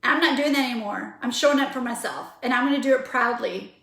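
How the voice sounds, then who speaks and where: A woman's voice: on the high side, quick pace, vocal fry, fairly bright tone, roomy sound. A woman in her forties giving an earnest, emphatic motivational pep talk to her online group. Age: 40s. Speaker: vlogger.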